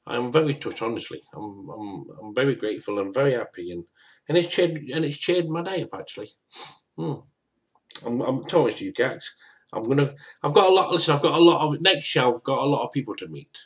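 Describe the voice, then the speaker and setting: A man's voice: medium pitch, expressive, a little fast. A man talking casually to his viewers, rambling and stammering, repeating himself often. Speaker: YouTuber. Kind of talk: casual vlog to camera.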